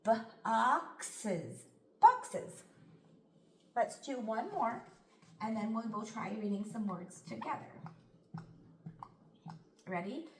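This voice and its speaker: A woman teaching a phonics lesson, slowly sounding out words and praising often. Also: a little high, expressive, slight background noise. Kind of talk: slow, clear classroom instruction. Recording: echoey room.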